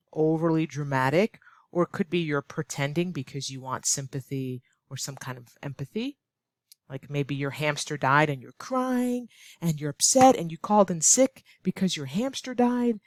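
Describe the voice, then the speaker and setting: A woman with an American accent teaching an online English lesson, expressive and acting out her examples. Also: moderate pace, no echo, clean studio sound. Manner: expressive, acts out examples with big swings of pitch. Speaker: ESL teacher.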